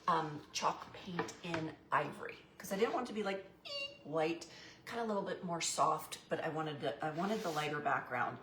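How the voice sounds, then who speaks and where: A chatty middle-aged woman hosts a home craft livestream, greeting viewers one by one. Her voice sits fairly low for a woman. The room sounds echoey, with a faint hiss of noise underneath. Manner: chatty, greets viewers by name, says y'all. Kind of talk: casual craft livestream chat.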